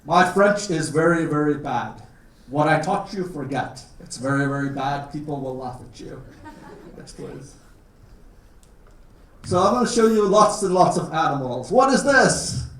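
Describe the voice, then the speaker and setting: A man's voice: fairly high pitch, lively intonation, unhurried. A man from Canada giving a playful talk to a class about his country, keeping his words simple for learners and joking often. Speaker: guest lecturer. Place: classroom or lecture hall. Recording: roomy, distant classroom recording.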